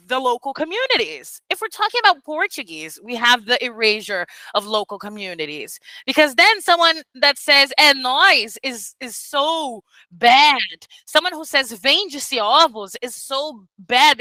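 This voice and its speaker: Woman, teacher mentor, blunt, emphatic, swears freely, high pitch, dry sound. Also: bright, forceful tone, dry recording, poor audio. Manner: code-switches into Portuguese phrases. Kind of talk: casual online mentorship talk. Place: Brazil.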